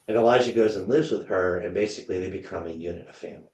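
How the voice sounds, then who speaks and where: Low-voiced man teaching a Bible lesson. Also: fast, hardly any pauses, a little mellow, reverberant, poor audio. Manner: conversational, storytelling, asks the group questions. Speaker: church teacher. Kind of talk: Lenten Bible study lesson. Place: church meeting room.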